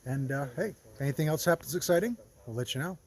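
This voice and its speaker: A man hiking a long trail, talking casually and warmly to his camera outdoors, upbeat and easily moved. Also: fairly high pitch, lively intonation, fast talker, slight background noise. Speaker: long-distance hiker vlogger.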